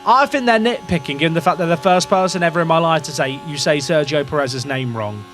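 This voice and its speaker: High-voiced English man streaming a game. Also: quick pace, fairly bright tone, soft background music. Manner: rambling, self-questioning, talks to chat. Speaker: gaming streamer. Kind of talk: casual live game commentary.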